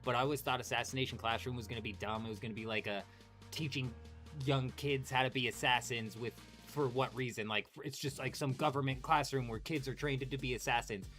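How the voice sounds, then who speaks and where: An animated young man hosting a live game stream, talking straight to his chat with plenty of swearing. His voice sits at a plain middle pitch for a man, and faint music plays underneath. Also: brisk. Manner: animated, swears a lot, talks to chat by name. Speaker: livestream host.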